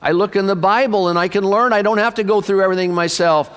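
A man in his sixties preaching a sermon to his church, impassioned, swinging from loud bursts to hushed low asides. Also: fast, clean tone. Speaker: pastor. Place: church sanctuary. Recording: long reverb of a church hall.

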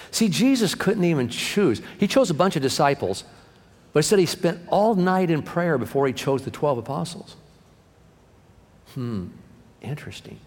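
A high-voiced male pastor preaching with animated energy, swinging from booming lines to hushed asides and acting out the people he quotes. His voice rings with the long echo of a large hall. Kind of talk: sermon.

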